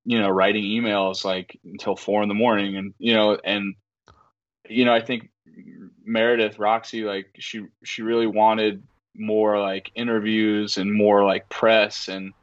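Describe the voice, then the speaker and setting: The podcast guest here, a record label owner, has a fairly low voice and talks a little slowly, captured with lo-fi sound. His casual chat is animated storytelling, heavy on profanity and fillers.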